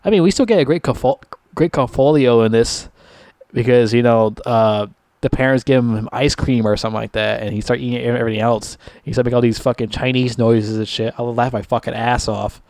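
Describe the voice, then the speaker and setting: A man's voice: medium pitch, brisk, a little mellow, no room sound. A man giving a casual, profanity-laced rant reviewing a TV season, his voice jumping sharply upward when he gets annoyed. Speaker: TV show reviewer.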